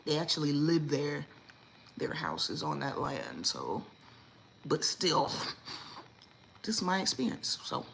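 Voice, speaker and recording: A woman, hosting a casual livestream chat and telling stories in a lively, indignant way, acting out what people said. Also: low-pitched, slow, gravelly, pauses often, a little hiss or hum, low-quality recording. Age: 40s. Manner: animated storytelling, acts out quotes, lively and indignant. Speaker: livestream host.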